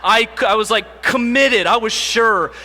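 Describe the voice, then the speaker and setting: A man's voice: high-pitched, unhurried, bright, forceful tone. Young man telling a story in a hall. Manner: conversational, self-deprecating humor. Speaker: conference speaker. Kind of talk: storytelling keynote talk. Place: large conference hall. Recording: long hall reverb.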